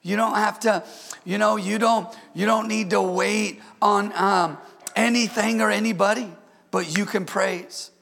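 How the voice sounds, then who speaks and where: A man's voice: high-pitched, fairly even intonation, a little slow, creaky, fairly bright tone, big-room sound. A man preaching a sermon as pastor, emphatic, repeating himself and calling out to the congregation. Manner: emphatic preaching with repetitions and audience call-outs.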